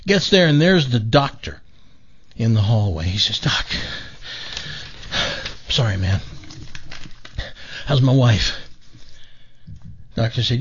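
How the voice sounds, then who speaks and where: Husky male radio host, lively pitch, dull lo-fi broadcast sound, tells jokes with acted voices. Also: takes it slowly, long pauses. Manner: animated storyteller, acts out voices. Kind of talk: telling a joke on radio.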